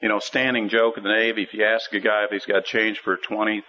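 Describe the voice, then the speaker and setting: A low-voiced man delivers a storytelling sermon in a relaxed, folksy style. He drops into quiet asides, then climbs into emphatic, high exhortations. The sound is dull and lo-fi, like an old radio broadcast. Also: fast talker, slight background noise. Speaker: preacher.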